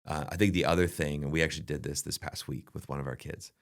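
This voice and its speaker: Brief: middle-aged man, deep gravelly voice, earnest advice-giver in a relaxed leadership chat. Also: fast talker. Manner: earnest, advice-giving, acts out family dialogue. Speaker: podcast co-host.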